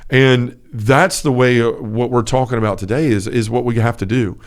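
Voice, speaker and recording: A man's voice: mid-range voice, steady tone, normal speed. A man co-hosting a casual faith podcast, telling stories earnestly with lots of fillers. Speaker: podcast co-host.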